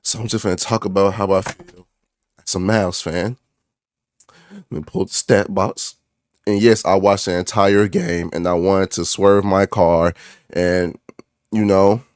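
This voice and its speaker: A man's voice: lowish voice, darkish tone, no room sound, studio quality. A young man ranting as a basketball fan, frustrated and repetitive, calling out players by name and saying "bro" often. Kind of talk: ranting sports reaction vlog.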